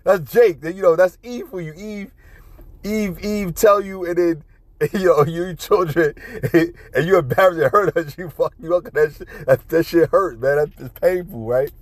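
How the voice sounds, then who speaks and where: A man's voice: fairly high pitch, normal speed, no room sound. A man rambling through a casual monologue, profane and repetitive, often laughing. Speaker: vlogger.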